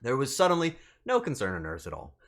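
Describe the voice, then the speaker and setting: A man's voice: medium pitch, wildly swooping pitch, fast talker, fairly bright tone. A man streaming as a VTuber, telling a rambling story straight to his chat and swearing freely. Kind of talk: casual storytelling to live chat.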